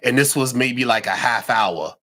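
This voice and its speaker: A man's voice: mid-range voice, moderate pace, bright, forceful tone. A man co-hosting a casual livestream chat, laid-back and slangy, often repeating words as he restarts. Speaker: yarn company co-host.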